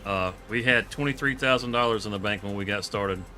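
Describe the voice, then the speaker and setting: A man with a Southern Georgia accent, hosting a farming game live stream in a relaxed, rambling way with chuckles. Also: fairly low pitch, a little fast, soft background music. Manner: laid-back, chuckling, rambling with fillers. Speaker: streamer host. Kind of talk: casual live-stream gaming chat.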